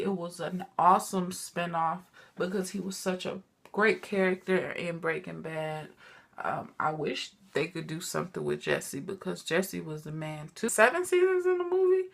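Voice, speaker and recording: Chatty woman with a gravelly edge. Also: fairly low pitch. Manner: chatty, animated storytelling, addresses viewers as y'all. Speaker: TV recap vlogger. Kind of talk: casual TV recap chat.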